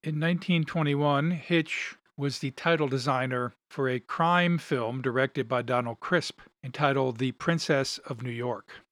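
A man hosting a podcast, giving measured, thoughtful commentary on film history and reading passages aloud. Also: mid-range voice, fairly bright tone, no echo, clean studio sound. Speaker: podcast host.

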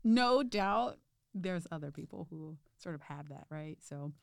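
A woman's voice: low-pitched, animated, a little slow, vocal fry, no room sound. A young woman hosting a casual interview, rambling through her questions with lots of fillers and easy laughter. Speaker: podcast host.

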